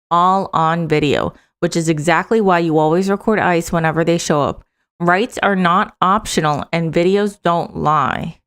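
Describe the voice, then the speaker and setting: A woman reacting to political footage with furious, expletive-laden commentary, her voice smooth and clean on the mic. She talks with open scorn and bursts of anger. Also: on the low side. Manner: angry, swearing, scornful.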